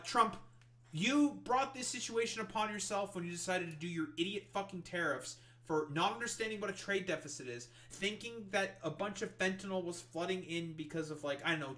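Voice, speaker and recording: Sharp in tone and high in pitch, this male streamer rants about politics with constant profanity. Exasperated, he reads the news out loud and then ridicules each article.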